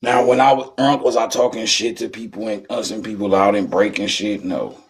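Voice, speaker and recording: A man giving a rambling, profane live-stream lesson in streetwise slang, often acting out drunk people in a high yelling voice. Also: steady tone, a little fast. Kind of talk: casual live-stream teaching.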